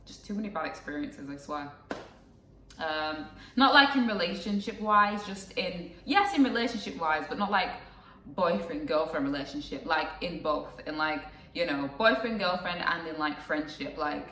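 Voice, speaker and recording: A young woman rambles through a personal story, full of fillers and side remarks. Her voice is bright and a little low for a woman. She sounds a bit distant from the mic, in a roomy, echoing space. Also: lively intonation, normal speed. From England. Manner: chatty and rambling, with frequent fillers and asides. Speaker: vlogger. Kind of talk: casual storytelling to camera.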